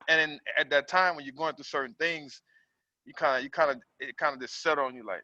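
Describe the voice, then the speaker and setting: A man calling in to a group coaching call to talk about his trucking business, halting and reflective as he feels his way through his thoughts. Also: fairly high pitch, sharp tone, dry recording. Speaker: caller, trucking business owner. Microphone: call audio. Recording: dull, dry call audio.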